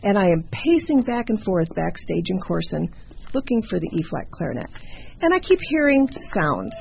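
A woman's voice: medium pitch, very animated, normal speed, vocal fry, muffled recording, background noise. A woman telling a campfire ghost story in a conversational way, with stumbling asides.

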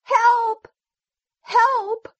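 A woman voicing a timid sheep in a children's storybook reading, pleading in a high voice. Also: steady tone, drawn-out words, no echo, highs cut off, heavily acted. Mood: frantic.

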